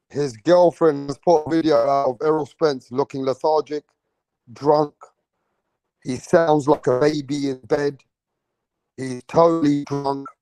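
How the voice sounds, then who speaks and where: A man hosting a casual live-stream about boxing, talking excitably and repeating himself with slang. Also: medium pitch, dry recording, low-quality recording. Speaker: livestream boxing host.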